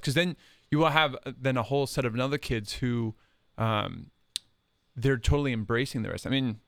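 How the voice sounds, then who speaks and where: A man's voice: medium pitch, no echo. A man, a religious brother who works in youth ministry, telling stories earnestly and repeating phrases for emphasis. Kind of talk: casual podcast conversation.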